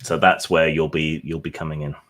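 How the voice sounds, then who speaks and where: Deep-voiced man narrating a tabletop game. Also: little pitch movement, fairly bright tone, a little hiss or hum. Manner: descriptive, unhurried narration with fillers. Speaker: game master.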